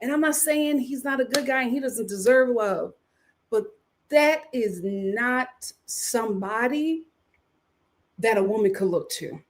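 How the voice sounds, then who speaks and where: A woman vlogger recapping a reality show in a casual, animated, slangy way, with ums and sudden bursts of laughter. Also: on the high side. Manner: animated, chatty, swings between sighs and bursts of laughter; drawn-out slangy storytelling with filler ums. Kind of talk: casual commentary vlog.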